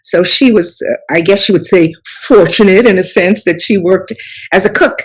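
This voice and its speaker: A woman's voice: medium pitch, normal speed, slightly rough, poor audio. Woman. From South Carolina Sea Islands. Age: 70s. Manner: rambling, filler-heavy, restarts with "you know". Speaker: author and storyteller guest. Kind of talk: reminiscing interview talk.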